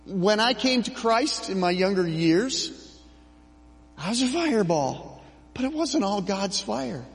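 A middle-aged man preaching a sermon as pastor, slow and emphatic with dramatic pauses. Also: high voice, very animated, vocal fry, big-room sound.

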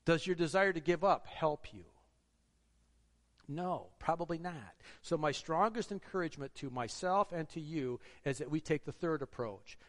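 A man preaching a sermon, earnest and exhorting, asking the congregation rhetorical questions. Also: a little high. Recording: long hall reverb.

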